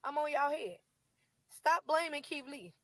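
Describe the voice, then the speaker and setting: Impassioned high-voiced woman. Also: expressive, fairly bright tone, no echo, low-quality recording. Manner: impassioned, pleading, fast-talking. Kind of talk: emotional video statement.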